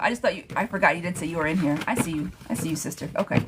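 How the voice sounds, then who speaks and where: A woman's voice: lowish voice, rapid-fire, background noise. A woman reading tarot live for viewers, chatting casually and laughing often. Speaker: tarot reader.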